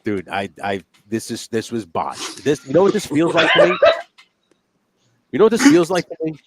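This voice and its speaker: A man's voice: on the high side, very animated, normal speed, noisy background. Fired-up, swearing male podcast host. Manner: heated, profane ranting. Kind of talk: casual wrestling chat.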